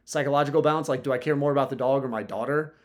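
A man's voice: mid-range voice, very fast, slight background noise. A man in casual chat, telling a story in a laid-back way, swearing often and leaning on "like" and "dude".

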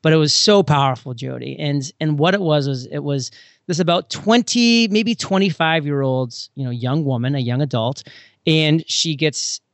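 Man, higher-pitched voice, animated storytelling, casual podcast talk, dry close sound. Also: moderate pace, dry recording. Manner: animated storyteller, acts out scenes with sudden pitch jumps. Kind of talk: casual conversation.

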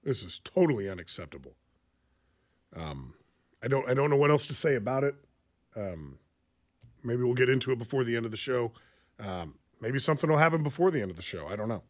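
A man's voice: medium pitch, lively intonation, fast talker. A man co-hosting a talk radio show, speaking earnestly with frequent fillers. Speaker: radio co-host. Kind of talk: talk radio news commentary. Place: radio studio.

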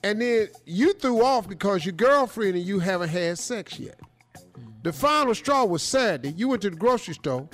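A man's voice: high voice, expressive, normal speed, fairly bright tone, soft background music. A man hosting a comic advice show, acting out scenes in put-on voices. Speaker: radio show host.

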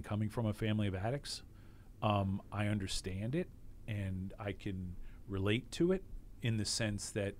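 A man's voice: fairly low pitch, darkish tone, slight background noise. A middle-aged man giving a candid, emotional interview on a podcast, reflecting with frequent restarts. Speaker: interview guest, former team executive.

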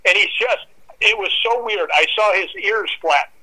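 High bright-voiced man telling a wild story. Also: moderate pace, poor audio. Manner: lively, acts out voices and dog growls. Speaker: guest storyteller. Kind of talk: animated anecdote telling.

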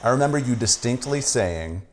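A man's voice: medium pitch, expressive, normal speed, a little hiss or hum. A man hosting an interview who offers short, supportive backchannels and asks reflective questions. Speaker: interview host. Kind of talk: conversational interview.

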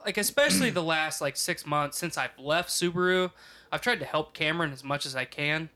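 A man's voice: fairly high pitch, brisk, bright, forceful tone. A man in casual chat, rambling and swearing, full of "like" and "you know".

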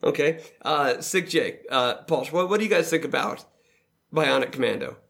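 A man hosts a casual roundtable about games. His voice sits slightly high for a man and has a gravelly, fry-laced edge. He steers the talk and laughs easily. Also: expressive, normal speed, fairly bright tone. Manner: leads the discussion, laughs easily. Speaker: podcast host.

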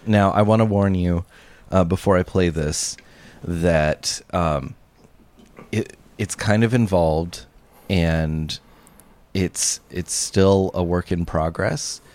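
A man co-hosting a casual comedy podcast, talking in a slow, deadpan way with frequent restarts. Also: sits low, no echo. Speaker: podcast co-host.

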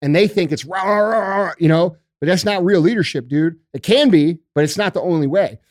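A man's voice: sits high, brisk, a little mellow, dry recording, studio quality. Fiery profane man, fired up. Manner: calls people bro and dude. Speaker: podcast guest. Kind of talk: casual podcast interview.

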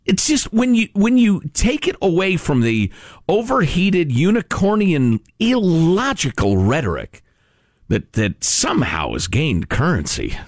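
A man banters on talk radio with heavy sarcasm and emphatic, mock-outraged delivery. His slightly high voice leaps all over the place in pitch. The studio sound is dry and close. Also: wildly swooping pitch, measured pace, dry recording. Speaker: radio co-host.

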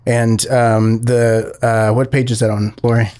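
A man's voice: mid-range voice, little pitch movement, unhurried, mellow. A man co-hosting a casual podcast, telling stories in a rambling way and often correcting himself. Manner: rambling, self-correcting storyteller. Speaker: co-host.

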